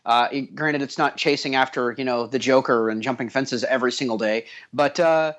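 A man's voice: medium pitch, steady tone, fairly quick, fairly bright tone. A man co-hosting a podcast in casual chat, teasing his partner with dry sarcasm. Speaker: podcast co-host.

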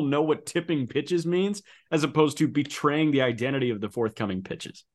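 A man co-hosting a casual sports podcast, talking fast and loose with incredulous outbursts and plenty of fillers. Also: fairly high pitch, a little mellow. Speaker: podcast co-host. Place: apartment.

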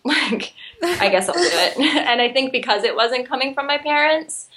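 A woman's voice: fairly high pitch, moderate pace, fairly bright tone, a little hiss or hum. Earnest young woman sharing openly. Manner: earnest, emotional, trails off into laughter. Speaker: guest sharing recovery story. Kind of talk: candid conversation.

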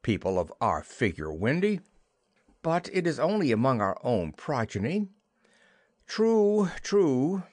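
A man's voice: mid-range voice, big pitch swings, slow pace, a little mellow, dry recording, studio quality, voice pushed up. A man voicing a carefree young boy in a storybook reading. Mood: boyish.

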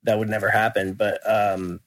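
A man's voice: on the low side, level tone, normal speed, a bit bright, dry recording. A man, a guest musician, rambling through anecdotes in a casual interview, laughing and swearing as he goes. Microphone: remote call.

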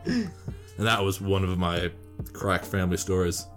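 A man's voice: sits low, unhurried, fairly bright tone, soft background music. A young man, a rapper guesting on a podcast, telling a story in casual, profane speech and acting out other people's lines.

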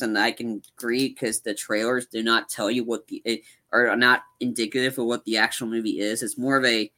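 A man on a live-streamed podcast, talking casually and rambling about movies, acting out scenes with excitement. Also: mid-range voice. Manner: rambling, animated, acts out movie lines. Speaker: podcast co-host.

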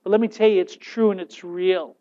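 Pastor, male, high voice, animated sermon with restarts, muffled lo-fi recording. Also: brisk. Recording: dull, lo-fi sound.

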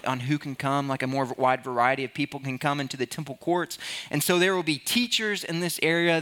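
A man's voice: on the high side, bright, forceful tone. A young man preaching a sermon in a casual, conversational way, full of restarts and asides. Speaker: pastor.

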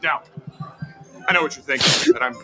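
A man playing a deadpan TV ham pitchman. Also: normal speed, lightly acted. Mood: deadpan salesy. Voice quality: smooth, confident deadpan pitch delivery. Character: smug male ham-selling TV pitchman, deadpan. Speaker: spokesman in a spoof TV ad. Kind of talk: comedy sketch ad read. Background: music under the ad.

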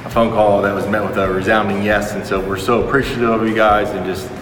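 A man's voice: fairly low pitch, flat delivery, fast, echoey room, long reverb tail, far from the mic, background noise. A man speaking sincerely and hesitantly about a meals ministry, with many fillers. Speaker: ministry worker.

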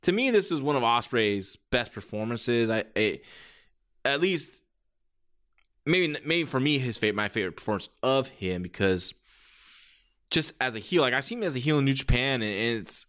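A man's voice: mid-range voice, normal speed. A man hosting a podcast, reviewing in a casual, rambling way with lots of restarts. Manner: animated, rambling with many restarts. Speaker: podcast host.

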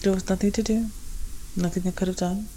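A woman voicing a heartbroken young woman who speaks haltingly and tearfully in a fanfic reading. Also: medium pitch, fairly even intonation, mellow, a little hiss or hum, natural voice, poor audio. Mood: hurt.

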